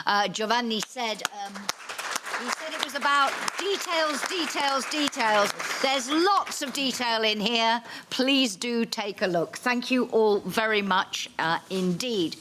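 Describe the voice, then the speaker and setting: A woman chairing a conference session, introducing speakers and thanking the panel. Her voice sits at an ordinary pitch, and she talks in an upbeat, courteous way, with the odd "uh" and restart. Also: fairly bright tone, slight background noise. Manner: polite, upbeat, with fillers and small restarts. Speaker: conference moderator. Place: conference hall.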